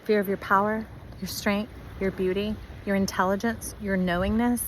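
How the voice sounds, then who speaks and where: Woman tarot reader, animated, mid-range voice, faint background hiss. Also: mid-range voice, normal speed, rough recording. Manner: animated, acts out viewers' voices. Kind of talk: spiritual tarot reading.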